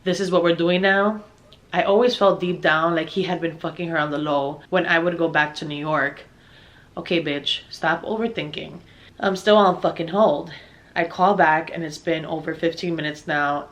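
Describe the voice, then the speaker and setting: A young woman with a somewhat low voice tells a personal story aloud. She swears freely and sounds exasperated, slipping into the voices of the people in it as she goes. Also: a bit bright. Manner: profane, exasperated, acts out dialogue. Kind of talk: storytime narration.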